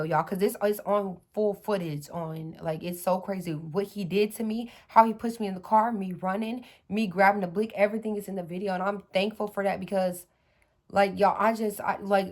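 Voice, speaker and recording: A woman in her thirties telling a personal story to her viewers in a casual, chatty way, with many fillers and restarts. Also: mid-range voice.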